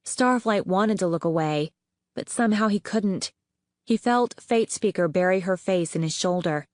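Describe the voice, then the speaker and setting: Woman reading an audiobook, low voice, dead dry close mic, steady telling. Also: dry recording. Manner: steady, even storytelling. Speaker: audiobook narrator. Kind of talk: scripted narration.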